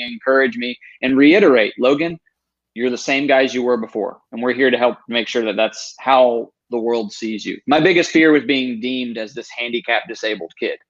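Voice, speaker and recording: Earnest man in his thirties, muffled. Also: mid-range voice. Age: 30s. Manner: earnest and emphatic, quoting himself. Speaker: guest. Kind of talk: storytelling interview. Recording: dull lo-fi sound.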